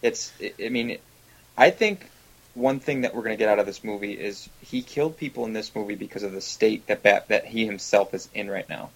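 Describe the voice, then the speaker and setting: Guest: man, lowish voice, earnest and opinionated, casual video call. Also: brisk, rough recording.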